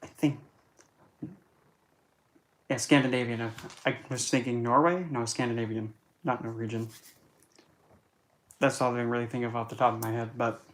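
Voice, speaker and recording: Chatty blunt man with dark jokes. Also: mid-range voice, little pitch movement, normal speed, long pauses. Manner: chatty and blunt, darkly joking, self-correcting. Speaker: occult and astrology vlogger. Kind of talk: casual monologue.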